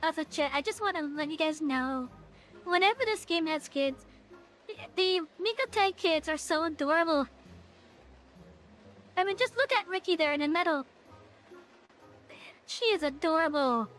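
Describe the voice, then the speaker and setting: A woman's voice: extremely high pitch, expressive, moderate pace, pauses often, fairly bright tone, soft background music. A young woman streaming a game, chatting playfully with her viewers. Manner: chatty, playful, talking to chat. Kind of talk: casual live game stream chat.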